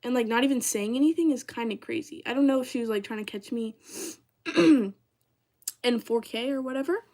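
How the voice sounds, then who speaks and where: A young woman talks straight to her livestream audience in a loose, rambling way. Her voice sits a little on the high side, and her sentences keep circling back through "like" and "y'all" in relaxed storytelling. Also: fairly quick. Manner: chatty, heavy use of "like", addresses viewers as "y'all".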